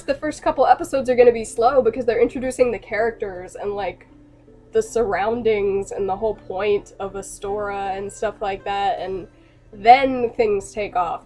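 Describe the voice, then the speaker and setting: A young adult woman in a casual, rambling rant to camera, excitable and quick to laugh. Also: mid-range voice, soft background music. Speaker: animator and vlogger.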